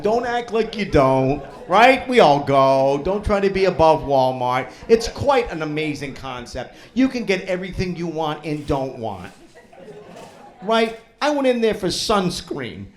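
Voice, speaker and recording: A man doing a crude, teasing stand-up set with crowd work, with a hint of New in his speech. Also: high-pitched. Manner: brash, crude, teasing the audience. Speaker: stand-up comedian. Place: comedy club stage before a laughing crowd.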